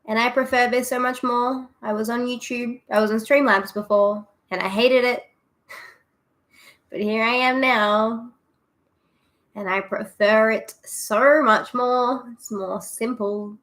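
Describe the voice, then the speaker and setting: A woman's voice: on the high side, unhurried, fairly bright tone. A young Australian woman chatting casually with viewers on a livestream, giggly and self-deprecating. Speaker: streamer.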